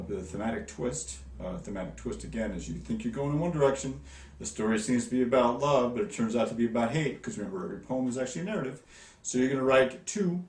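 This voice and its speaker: A man teaching a recorded lesson to his class, lively and demonstrative, sounding out stresses. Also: medium pitch, echoey room, distant mic. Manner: lively, demonstrative, sing-song stress demos.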